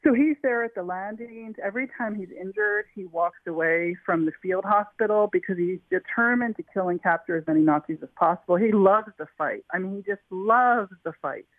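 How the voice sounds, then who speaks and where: A woman's voice: mid-range voice, brisk, hardly any pauses, dry recording. Woman author telling stories over the phone. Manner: eager, with frequent restarts and fillers. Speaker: author being interviewed. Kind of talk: animated storytelling in an interview. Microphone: telephone. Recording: tinny phone line, dry.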